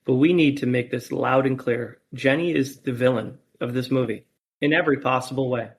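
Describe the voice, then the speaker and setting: A man with a middle-pitched voice hosting a casual movie podcast. He brings in each topic in an upbeat, joking way. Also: a little fast, slightly rough. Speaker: podcast host.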